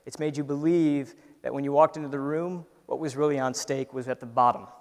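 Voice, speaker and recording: A man gives a lively talk to an audience, acting out the doubting voice in his head as he goes. His voice sits at a middle pitch. The sound carries the long reverb of a large hall. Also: brisk. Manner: animated storyteller, acts out his inner voice, frequent "right?". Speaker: entrepreneur giving a talk. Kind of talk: conversational keynote talk.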